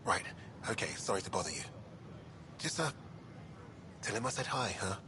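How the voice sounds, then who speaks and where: A man's voice: on the low side, expressive, normal speed, lightly acted. A man playing an awkward, hesitant hangar worker. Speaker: game character. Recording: audible background noise.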